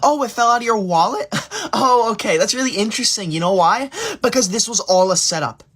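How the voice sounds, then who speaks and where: A woman's voice: medium pitch, expressive, fairly quick, a bit bright, husky. A woman playing a snooty tattletale schoolgirl. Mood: smug. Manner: whiny, overdramatic, tattling. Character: snooty tattletale schoolgirl, self-righteous know-it-all. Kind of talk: comedy skit acting.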